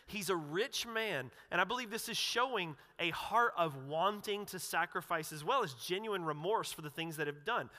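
A male pastor preaches in a relaxed, conversational way, with a fairly high voice and a bright, forceful edge. He acts out the quotes he reads and restarts phrases as he goes. His voice rings out in a church hall with a long reverb. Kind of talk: conversational sermon. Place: church sanctuary.

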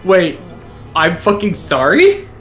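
A man's voice: high voice, wildly swooping pitch, takes it slowly, fairly bright tone. Chill sweary guy cohosting, voice bounces up and down a lot, game music playing. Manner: laid-back, swearing, joking. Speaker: co-host. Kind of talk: casual chat.

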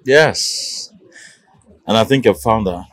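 An actor playing an earnest young man declaring his love, speaking softly. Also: lowish voice, expressive, takes it slowly, full character voice. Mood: tender. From Nigeria. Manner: soft, earnest, tender.

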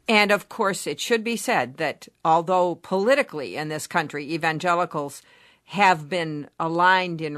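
A woman hosting an interview, asking measured, clear questions. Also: deep voice, a bit bright, no room sound, clean studio sound. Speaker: interviewer, host.

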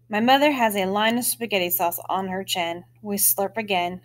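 A woman reads a children's chapter book aloud in the first person. Her storytelling is expressive, with bright lifts on key words. Her voice sits at an ordinary middle pitch for a woman. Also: normal speed, few pauses.

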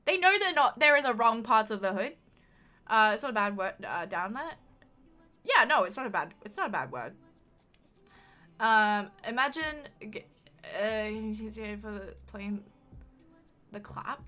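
A woman's voice: a little high, animated, measured pace, long pauses, sharp tone. A young Australian woman from Queensland, rambling and swearing as she chats casually with her live-stream audience. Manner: rambling, swearing, jokey, frequent laughs. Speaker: livestreamer.

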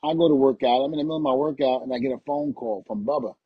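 A man's voice: fairly high pitch, big pitch swings, racing, creaky, husky, no room sound, dull audio. A middle-aged man, a retired pro wrestler, telling casual anecdotes as a guest and laughing through them.

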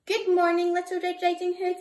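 A woman voicing a friendly male woodcutter in a children's storybook, with a brisk, hearty delivery. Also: high-pitched, animated. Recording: echoey room.

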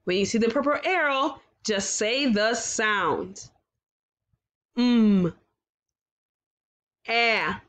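A woman teaching a kindergarten phonics lesson, slowly sounding out words and praising the children with exaggerated, sing-song encouragement. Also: on the high side, lively intonation, fairly bright tone. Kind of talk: slow, clearly enunciated phonics lesson for young children.

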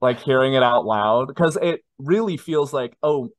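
A man in his twenties, telling a personal story in a casual interview with animated, self-deprecating asides. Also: medium pitch, moderate pace, dry recording. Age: 20s. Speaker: guest.

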